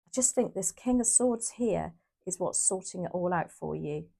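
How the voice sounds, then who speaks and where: A woman with a lowish, gravelly voice chats her way through a tarot reading. She is casual and a little rambling, thinking aloud and correcting herself as she goes. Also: lively intonation, normal speed, mellow. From United Kingdom. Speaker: tarot reader.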